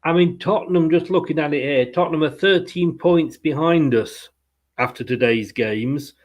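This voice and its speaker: A man's voice: a little high, normal speed, highs cut off. A man hosting a casual post-match football fan podcast, chatty and rambling with fillers and playful asides.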